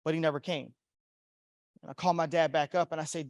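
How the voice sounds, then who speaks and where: A young man with a high voice delivers a motivational keynote in a hotel ballroom. He speaks emphatically, repeating phrases and leading call-and-response. The sound is close and dry. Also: quick pace, dry recording. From Florida. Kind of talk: keynote speech to a conference audience.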